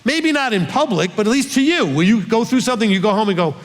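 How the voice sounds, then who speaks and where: Earnest high-voiced man teaching in a reverberant hall. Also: animated, fast talker. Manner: earnest, coaxing, checks in often with the listeners. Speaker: rabbi teaching a congregation. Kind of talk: conversational Bible teaching.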